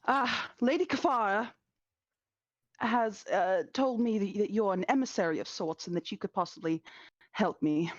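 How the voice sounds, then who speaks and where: A woman's voice: medium pitch, normal speed, no room sound, lo-fi sound, lightly acted. A woman voicing a vain, mannered male vampire socialite who speaks in an affected, airy way. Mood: polite. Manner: affected, airy, says darling.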